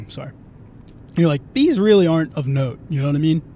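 A man with a slightly high voice rambles through a casual podcast chat, swearing freely and starting his sentences over and over. He talks from inside a moving car, with a faint engine rumble under his voice. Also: sing-song, moderate pace, a little mellow. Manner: rambling, profane, restarts often. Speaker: podcast host.

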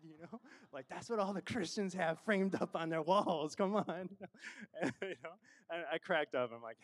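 A middle-aged pastor preaches in a conversational, self-deprecating way, with lots of fillers and laughs. His voice is on the high side, at a moderate pace.

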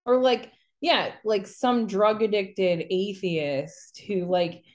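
Woman, podcast co-host, casual chat, rambling storyteller, mid-pitched voice. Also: slow. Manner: rambling, animated storytelling with mocking quotes.

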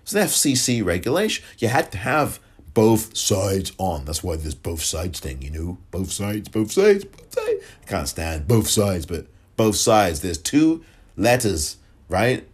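Man ranting on his podcast, deep husky voice, pitch jumping all over, sarcastic. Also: a little slow. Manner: sarcastic, animated, repeats phrases for effect. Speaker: podcast host. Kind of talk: political commentary monologue. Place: lives in California.

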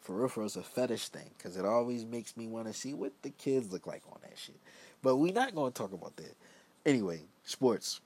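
A young Philadelphia man hosts his own podcast, talking solo in a loose, rambling way that keeps trailing off into mumbled asides. His mid-range voice is expressive and darkish with a breathy edge, and he speaks fairly quickly.

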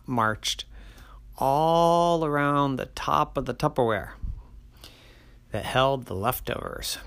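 Bedtime storyteller, slow, gravelly, lively pitch, playful with whispered asides.

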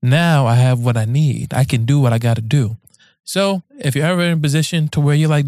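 A man's voice: mid-range voice, fairly quick, a little mellow, no echo. Laid-back slangy New man. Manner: loose and slangy, swears freely, breaks off into joking asides. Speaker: podcast host reading listener emails. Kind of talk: casual podcast talk, reading emails aloud.

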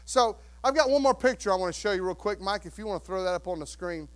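A male pastor preaching a sermon, telling a story with acted-out voices and dropping to hushed, earnest tones. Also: high-pitched, expressive, quick pace.

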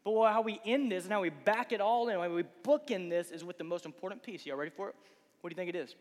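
A man preaching a casual youth sermon, asking the crowd rhetorical questions and acting out quick voices. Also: sits high. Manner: acts out voices of Bible figures and listeners. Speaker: youth pastor. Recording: long hall reverb.

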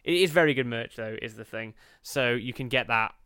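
A man's voice: mid-range voice, fairly quick, bright, forceful tone, smooth, dry recording, studio quality. A man co-hosting a comedy podcast, riffing crudely and laughing as he swears freely through the banter. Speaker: podcast co-host.

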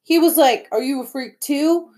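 A woman reading aloud, voicing an excitable, animated schoolboy. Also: high voice, moderate pace, voice pushed up, close to an everyday voice. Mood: excited. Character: excitable schoolboy, friend of the narrator. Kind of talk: audiobook character voice.

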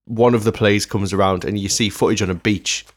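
Man, lowish voice, chatty casual podcast talk, animated retelling. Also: fairly quick. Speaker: podcast co-host. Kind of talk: casual film review chat.

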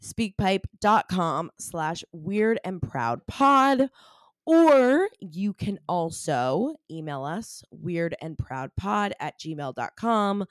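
A woman co-hosting a casual podcast, lively and joking, agreeing often with her partner. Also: on the low side, slow pace, dry recording. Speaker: podcast co-host. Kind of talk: casual chat.

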